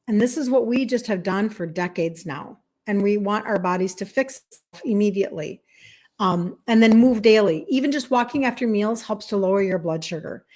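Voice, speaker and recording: A woman's voice: medium pitch, normal speed, a little mellow. A woman in her fifties, a health coach, talking to viewers in a chatty, emphatic way and laughing often. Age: 50s. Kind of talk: casual monologue to viewers.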